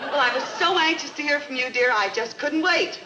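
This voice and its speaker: An actress playing a scatterbrained, anxious young housewife in a 1950s TV sitcom, flustered and quick to panic. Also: female voice, high voice, highs cut off, a crowd in the background, close to an everyday voice. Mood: fussing. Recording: old TV soundtrack with loud studio audience laughter and hiss.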